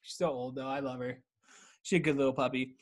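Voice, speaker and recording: A man's voice: mid-range voice, level tone, fast talker. A man hosting his podcast from home, rambling casually and swearing constantly in a laid-back monologue. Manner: rambling, profane, laid-back stoner chat. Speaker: podcast host.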